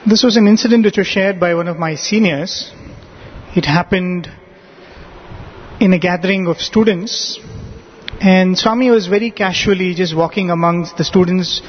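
A man presenting a radio talk and gently narrating a devotional anecdote with quoted dialogue. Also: sits high, slight background noise. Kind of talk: storytelling talk. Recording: dull lo-fi audio with long hall reverb.

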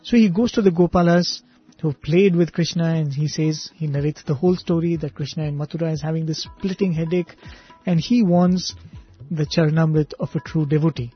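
Husky, slightly high male storyteller, earnest and unhurried, dull lo-fi recording with faint music. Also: fairly even intonation. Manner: earnest, unhurried retelling with restarts. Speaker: religious storyteller. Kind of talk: devotional storytelling talk.

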